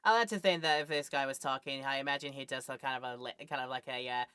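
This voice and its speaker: A woman's voice: rumbling low, fast talker, fairly bright tone, slight background noise. A woman streamer reading game dialogue aloud and chatting casually, with stammers and asides.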